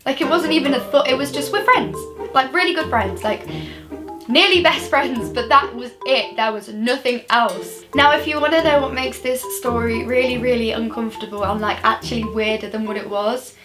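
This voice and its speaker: A woman's voice: fairly high pitch, normal speed. A young woman chatting through a personal story for her vlog, rambling and full of "like" fillers. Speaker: vlogger. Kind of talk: casual storytime. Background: background music.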